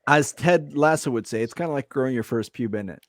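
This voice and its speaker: A man's voice: mid-range voice, fairly quick, no echo, clean studio sound. Joking, profane man in his thirties. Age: 30s. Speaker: podcast host. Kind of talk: casual chat.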